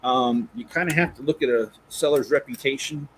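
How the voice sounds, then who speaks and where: A man's voice: mid-range voice, brisk, a bit bright, a little hiss or hum, low-quality recording. A man hosting a Lego channel, chatting casually on a live stream, rambling and correcting himself as he goes. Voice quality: rambling, self-correcting, chuckles while reading.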